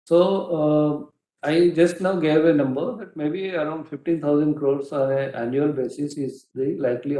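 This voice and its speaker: A company executive on an earnings call, answering analysts' questions in a measured way, with many filler pauses and self-corrections. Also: male voice, medium pitch, warm tone, reverberant, rough recording.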